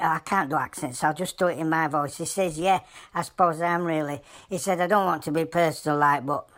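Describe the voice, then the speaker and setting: A woman with a broad Yorkshire accent voicing an animal who tells jokes in a deadpan, rambling way. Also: sits low, no room sound, close to an everyday voice. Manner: deadpan, rambling joke-telling in broad dialect.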